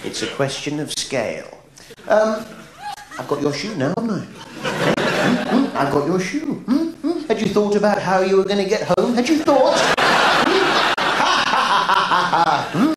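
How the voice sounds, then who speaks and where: An English man doing live stand-up comedy, reeling off absurd non sequiturs in a bouncy, sing-song way, with a quizzical "hmm?" between jokes and sudden high shouts. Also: sing-song, takes it slowly. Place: large theatre stage. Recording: roomy theatre sound from an old video tape, with noise. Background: audience laughter.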